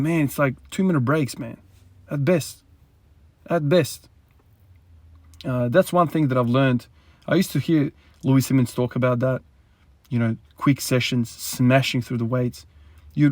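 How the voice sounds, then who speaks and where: A man's voice: mid-range voice, dry recording, studio quality. A man who is a strength athlete, talking casually in a training vlog, rambling and emphatic and often saying "man".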